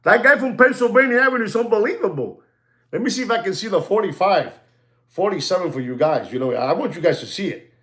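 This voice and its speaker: Animated, sarcastic man. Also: high voice, fast. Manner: sarcastic, repetitive, switches into Spanish. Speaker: watchmaker and show host. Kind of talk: ranting monologue.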